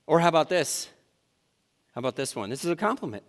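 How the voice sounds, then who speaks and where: A man's voice: a little high, very animated, brisk. A man preaching a sermon in a conversational way, often acting out people's inner thoughts. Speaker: pastor. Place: church sanctuary. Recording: long hall reverb.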